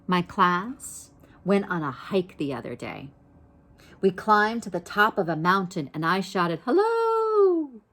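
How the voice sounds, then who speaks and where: Slow, gentle woman reading a storybook. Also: lowish voice. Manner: gentle, unhurried, pauses to ask listeners questions. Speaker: storybook reader. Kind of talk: reading a children's picture book aloud.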